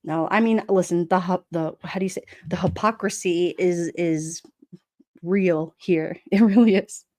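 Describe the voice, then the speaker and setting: A woman's voice: on the low side, unhurried, warm tone, dry recording, clean studio sound. A middle-aged woman with a New York accent chatting casually to her livestream, blunt and streetwise, often breaking into laughs. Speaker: livestream host. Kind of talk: casual live-chat talk.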